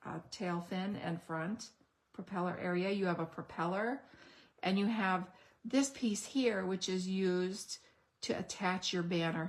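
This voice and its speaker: A woman hosting a craft unboxing video. She gushes over each item and pauses to think aloud when she needs a word. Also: lowish voice, a little hiss or hum. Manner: enthusiastic, gushing over products. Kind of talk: unboxing product demo.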